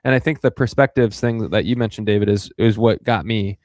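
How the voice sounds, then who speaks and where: A man's voice: lowish voice, a little fast, dry recording. Chatty male podcast host, dry sound. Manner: relaxed, chatty. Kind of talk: casual podcast chat.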